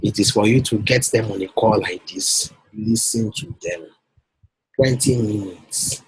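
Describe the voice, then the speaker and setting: Husky, persuasive man coaching. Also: lowish voice, a little slow, dry recording, poor audio. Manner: persuasive, repeats himself, checks for understanding. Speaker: business coach. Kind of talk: one-on-one coaching call.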